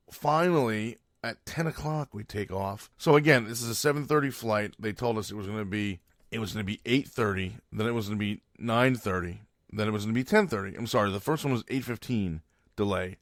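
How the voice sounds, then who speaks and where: On his own podcast, this host rambles through a lengthy, casual story monologue, filling gaps with fillers and fixing his own words as he goes. His low voice is brisk and fairly bright, captured in dry studio-quality sound.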